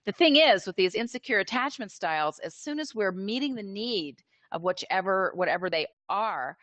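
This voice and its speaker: A woman being interviewed as a therapist, explaining in an animated, conversational way with filler words, over a video call. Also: mid-range voice, moderate pace, no echo. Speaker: interview guest, attachment therapist.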